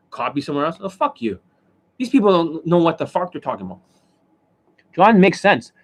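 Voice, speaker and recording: Profane, combative male dating coach. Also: fairly high pitch. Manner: demonstrative, keeps asking "you see that?". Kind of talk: livestream rant.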